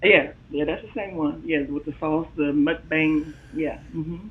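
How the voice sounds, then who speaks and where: A woman's voice: low-pitched, a little slow. A woman guest chatting casually on a live stream, slangy and laughing often, heard over a video call. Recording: tinny remote call audio.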